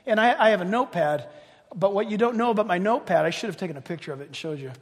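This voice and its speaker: An older male pastor preaching a sermon, passionate and emphatic, then dropping into quiet chatty asides. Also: sits high, lively intonation, racing. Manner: impassioned, swinging from loud emphatic cries to quiet chatty asides. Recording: long reverb of a large hall.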